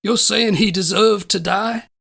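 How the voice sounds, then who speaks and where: Comedy bit: a man voicing a courtly Southern lawyer, gravelly, flowery and flirtatious. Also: sits high, a little slow, background noise. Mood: prosecuting. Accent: put-on American Southern. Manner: florid, courtly, overly polite. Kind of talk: improvised comedy role-play.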